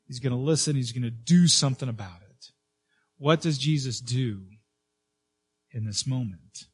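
A man preaching a sermon as pastor, earnest, with frequent fillers and restarts, rising and slowing to stress key words. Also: medium pitch, slightly rough.

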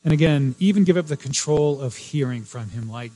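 A man's voice: medium pitch, expressive, a little fast, dark tone, rough recording. A man preaching a sermon as pastor, earnest, repeating key phrases and restarting often.

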